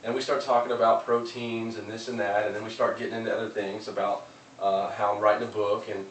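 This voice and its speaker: A man's voice: on the low side, flat delivery, fairly quick. A man giving an earnest, casual motivational talk, often restarting his words. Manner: earnest, loose, with many repeated restarts. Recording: roomy, distant mic, faint noise.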